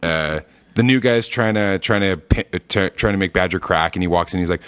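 A man's voice: deep voice, moderate pace, clean tone. A young man chatting casually on a podcast, animatedly retelling TV scenes and acting out characters' lines with frequent laughs. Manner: animated, acts out scenes in quoted voices, laughs often. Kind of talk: casual chat recapping a TV show.

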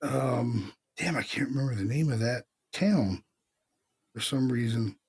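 A man co-hosting a podcast, telling stories in casual chat, animated, with slang and swearing. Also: mid-range voice, unhurried, breathy edge. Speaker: podcast co-host.

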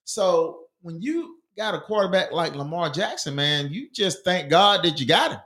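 A man's voice: sits high, animated, moderate pace, fairly bright tone. A man co-hosting a casual sports podcast, laid-back and rambling, with many fillers. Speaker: podcast co-host.

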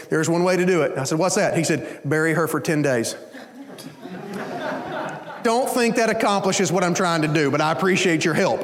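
A middle-aged male pastor with a high voice preaches in a church sanctuary, and his words ring out with a long hall reverb. He talks in a loose, conversational way, drifting into homespun stories and checking in with the room. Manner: conversational storytelling, folksy asides. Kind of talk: sermon.

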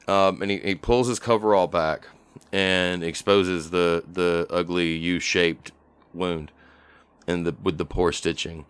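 A man's voice: low-pitched, steady tone, a little slow, clear, resonant tone, no echo. A man playing a tabletop role-playing game, describing his character's actions hesitantly, with many fillers. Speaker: player.

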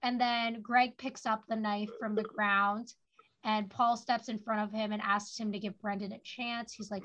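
A woman's voice: medium pitch, little pitch movement, normal speed, a bit bright. A woman co-hosting a podcast, recapping a TV episode in casual chat, full of "like" fillers. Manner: chatty, lots of "like" fillers. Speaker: podcast co-host. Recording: dull lo-fi audio.

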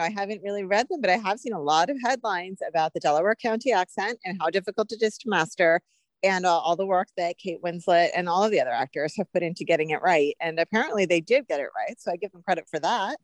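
A woman's voice: on the low side, fast talker. A woman from New Jersey co-hosting a podcast in casual chat, laughing often. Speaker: podcast co-host.

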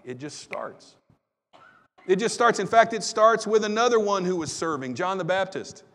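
A man preaching a sermon as pastor, telling the story with lively swings between loud bursts and hushed lines. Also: sits high. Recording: long hall reverb.

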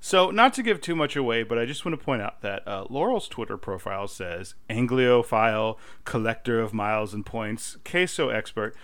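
A man's voice: mid-range voice, moderate pace, few pauses. A man co-hosting a podcast in casual chat, laughing often and acting out quoted lines. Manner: laughing often, quoting lines in animated voices. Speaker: podcast co-host. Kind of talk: casual chat about a sitcom episode.

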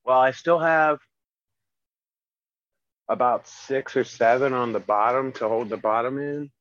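A man on a podcast talking in casual chat, with a slight lisp from missing teeth and a halting way of speaking full of fillers. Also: medium pitch, fairly bright tone, no echo. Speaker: returning podcast guest. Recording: dry, dull lo-fi sound.

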